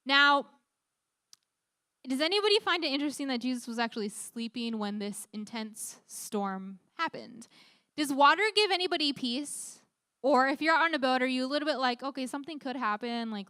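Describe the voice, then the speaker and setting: A woman's voice: sits high, fairly quick, sharp tone, clean tone, no room sound, studio quality. A young woman leading a youth group Bible talk, upbeat, often putting questions to the teens. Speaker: youth leader.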